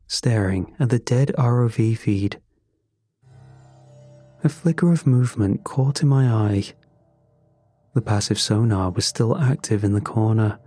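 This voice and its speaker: A man narrating a first-person horror story in a measured, grim way. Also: medium pitch, dark tone.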